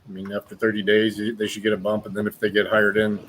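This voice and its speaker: Easygoing man, lower pitch, casual outdoor chat, explains things plainly. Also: monotone, quick pace, heavy background noise.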